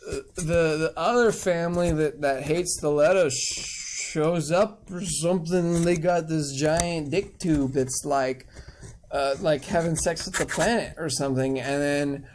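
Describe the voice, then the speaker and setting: A man's voice: a little high, a little slow, darkish tone, slight background noise. Drunk rambling young man recapping. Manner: rambling, crude, many fillers. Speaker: comedic book summarizer. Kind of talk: drunken comic book recap.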